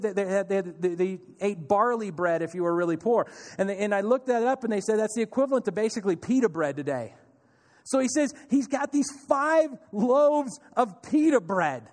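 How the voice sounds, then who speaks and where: A man preaching a sermon as pastor, animated, acting out panicked voices and answering them softly. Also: very high voice, big-room sound. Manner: animated, acts out panicked voices and a calm soft reply.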